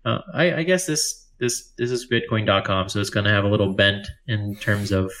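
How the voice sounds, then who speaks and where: A man with a low voice co-hosts a laid-back talk show. He reads the news out loud, stumbles over hard foreign names and jokes with his co-host. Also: moderate pace. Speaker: podcast co-host. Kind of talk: casual chat.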